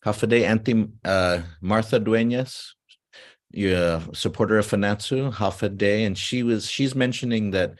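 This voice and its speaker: A man's voice: fairly low pitch, moderate pace. A man hosting a live online show, reading out viewer comments over a video call. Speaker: host.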